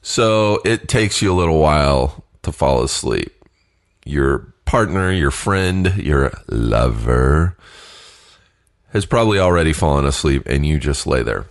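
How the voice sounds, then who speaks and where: A man with an extremely deep voice tells a personal story in a slow, unhurried way. He stops and starts, and laughs now and then between phrases. His nose is a little stuffed from allergies. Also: expressive. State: sniffly from allergies. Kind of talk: casual spoken storytelling.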